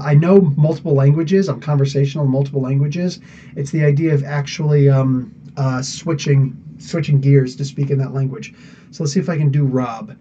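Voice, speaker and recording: A man's voice: a little high, mellow, muffled recording, slight background noise. A man hosting a live podcast, rambling casually through viewer comments with lots of fillers and laughs. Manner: rambling, chatty, laughs often, many fillers. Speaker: podcast host.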